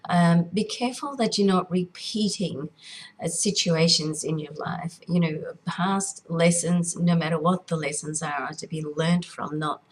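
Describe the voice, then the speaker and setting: Female astrologer, somewhat low, croaky voice, casual chatty delivery with lots of fillers. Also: low-quality recording. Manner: chatty, with many fillers and restarts. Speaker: astrologer hosting a weekly horoscope. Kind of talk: casual spoken horoscope forecast.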